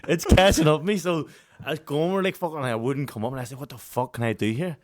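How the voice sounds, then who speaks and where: A man's voice: mid-range voice, fast. A Northern Irish man in his thirties, a podcast co-host telling a story in casual chat, swearing a lot and breaking into laughter. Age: 30s. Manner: profane, animated, laughs often while telling a story.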